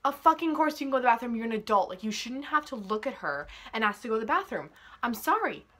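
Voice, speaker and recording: A young woman venting to camera about pet peeves, profane and exasperated, her voice rising into loud outbursts. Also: on the high side, sing-song, fast. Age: young adult. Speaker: vlogger.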